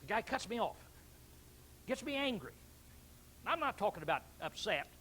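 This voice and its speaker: A male pastor preaching a sermon, animated, acting out angry outbursts and often clearing his throat. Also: high-pitched, moderate pace, slight background noise, poor audio.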